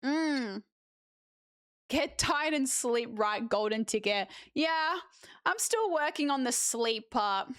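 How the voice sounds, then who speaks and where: A young Australian woman chatting casually with viewers as a streamer, lively with animated asides. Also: on the high side, dry recording, clean studio sound. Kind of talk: casual chat reading viewer messages.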